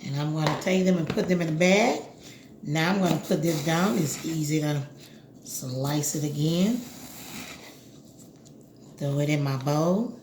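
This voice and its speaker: A woman's voice: low-pitched, measured pace, pauses often, roomy sound, background noise. A woman hosting a cooking video, chatting casually and giving step-by-step instructions straight to the viewer.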